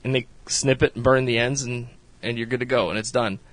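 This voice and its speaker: A man's voice: medium pitch, fairly even intonation, fairly quick, dry recording. A man hosting a podcast, casually recapping a reality show in a rambling way, laughing often and swearing freely. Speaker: podcast host.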